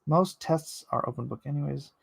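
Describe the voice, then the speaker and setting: A man's voice: on the high side, normal speed, gravelly, husky, no echo. A man chatting casually with his viewers while he inks a drawing live, rambling and joking as he answers the chat. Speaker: artist streaming live while inking.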